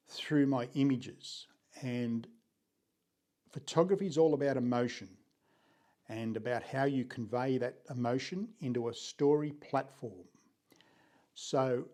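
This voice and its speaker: Older aussie guy telling his story, warm mellow voice, earnest and unhurried, clears his throat a lot. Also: medium pitch. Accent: Australian. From Sydney, Australia. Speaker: photographer. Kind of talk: reflective storytelling vlog.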